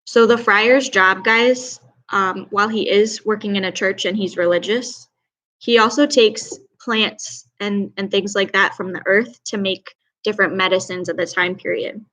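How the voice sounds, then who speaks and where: A young woman teaches an online class over a video call, speaking into a computer mic with a mid pitch that's a bit bright. She stays chatty and upbeat with a steady tone at a measured pace, praising students by name as she goes. The recording sounds rough.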